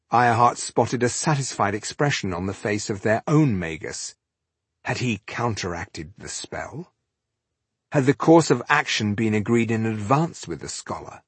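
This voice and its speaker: The audiobook narrator is a man whose husky, low voice moves at an even, measured tempo. It's captured up close and completely dry, with neither room sound nor echo.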